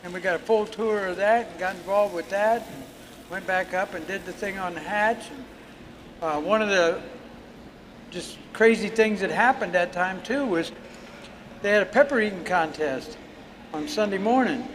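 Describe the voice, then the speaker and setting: An older man with a notably high voice tells a long, rambling story. He talks casually, with plenty of pauses and fillers. Faint noise hangs in the background of the outdoor stage. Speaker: guest storyteller. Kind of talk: casual anecdote.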